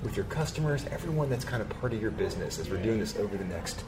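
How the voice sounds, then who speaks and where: A man co-hosting a talk show from a store, enthusiastic and quick, laughing often. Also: on the low side, animated. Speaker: radio show co-host. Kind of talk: lively casual chat. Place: busy retail store. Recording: busy store crowd noise. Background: crowd chatter.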